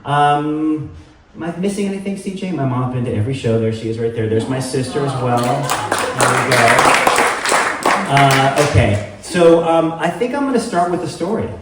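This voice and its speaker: A man's voice: medium pitch, moderate pace, recorded from a distance. A middle-aged man hosting a live storytelling show, rambling with many fillers and self-deprecating humor. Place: live venue with audience. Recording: echoey room heard from afar, faint noise.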